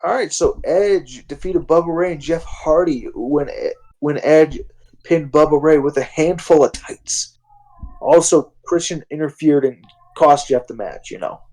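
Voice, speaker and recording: A man's voice: fairly high pitch, a little slow, warm tone, poor audio. A slightly drunk man co-hosting a casual podcast chat, rambling, swearing and laughing as he talks. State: a little drunk. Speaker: co-host.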